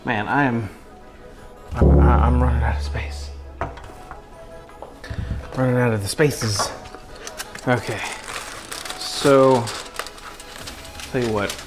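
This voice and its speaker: A man's voice: medium pitch, fairly even intonation, slow, pauses often, music in the background. A man hosting a casual cooking livestream from his home kitchen, joking with chat and his pets as he cooks. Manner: goofy, jokey, talks to chat and pets while cooking.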